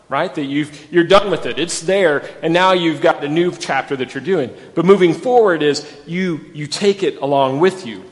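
Man, pastor preaching, emphatic, fairly high voice, long hall echo. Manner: animated, emphatic, repeats phrases. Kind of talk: sermon.

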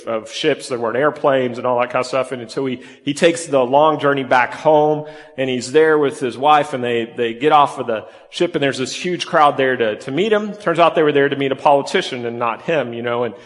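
A man's voice: medium pitch, a bit bright, long reverb tail. A man preaching a conversational sermon, his voice rising and dropping for emphasis. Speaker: pastor.

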